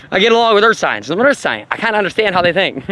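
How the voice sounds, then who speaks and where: A man rambling casually and profanely, laughing often, in an animated monologue. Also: sits high, quick pace. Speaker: vlogger on astrology.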